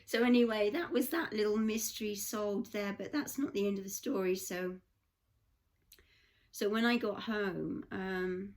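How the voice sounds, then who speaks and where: A woman's voice: medium pitch, a little slow. An English woman vlogger telling a rambling personal story in a chatty way, full of asides. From England. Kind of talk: casual storytelling.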